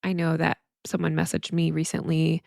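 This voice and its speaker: A woman's voice: deep voice, little pitch movement, normal speed, gravelly, a little mellow, dry recording, studio quality. A middle-aged woman therapist hosting her podcast alone, talking candidly and emotionally with frequent restarts. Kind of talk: reflective solo podcast monologue.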